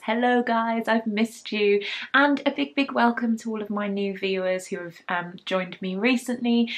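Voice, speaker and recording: A young woman from England hosting a knitting podcast from home, talking in a gentle, chatty way with frequent ums. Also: on the low side. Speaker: podcast host. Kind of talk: casual knitting podcast chat.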